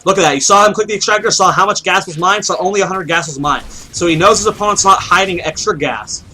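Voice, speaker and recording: A man commentates a strategy game match alone, explaining builds and musing aloud with questions to himself. His voice sits a little high and sounds bright and forward. A faint background hum runs under the recording. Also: quick pace, poor audio. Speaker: esports caster. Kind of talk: solo play-by-play commentary.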